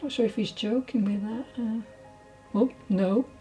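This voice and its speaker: A woman giving a channelled mediumship reading, hesitant and apologetic, often dropping into soft whispered asides. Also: a little high, steady tone, unhurried, faint music behind, low-quality recording. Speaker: spiritual medium.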